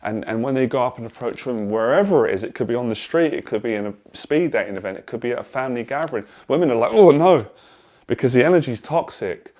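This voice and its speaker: A man's voice: mid-range voice, lively intonation, fast talker, few pauses, a little mellow. A man coaching on dating and confidence, talking straight to the camera in an earnest, emphatic way and repeating phrases for stress. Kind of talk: direct-to-camera advice monologue.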